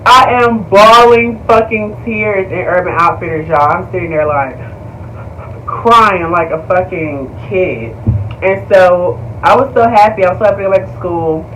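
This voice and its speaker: A young man telling a story to viewers in a casual vlog, animated, slangy and profane, calling his audience y'all. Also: high voice, a little slow, far from the mic, a little hiss or hum, poor audio. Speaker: vlogger.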